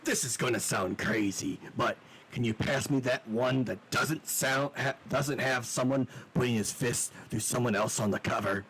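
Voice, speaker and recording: A man's voice: mid-range voice, normal speed, hardly any pauses, fairly bright tone, husky, low-quality recording. A man voicing Prince Damien, a brash, boastful young prince who turns indignant, in live improvised voice acting. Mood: sheepish.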